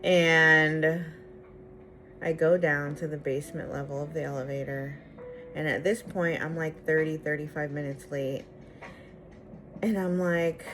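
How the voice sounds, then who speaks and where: A woman's voice: deep voice, a little slow, noisy background. A young woman vlogger telling a personal story casually, acting out the dialogue with exasperated asides. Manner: animated, acts out the dialogue.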